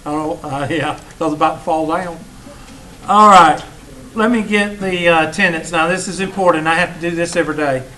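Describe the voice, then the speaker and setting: A college instructor with a fairly high, pushed, bright voice talks casually at a moderate pace, teasing his class in a classroom like a folksy storyteller. The low-quality recording carries slight background noise.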